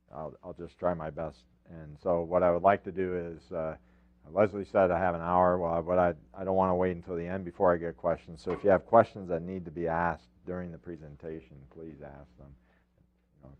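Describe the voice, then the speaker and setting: An older man from upstate New York giving an informal research presentation, halting with many fillers and restarts. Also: extremely low pitch. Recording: phone-like narrow sound.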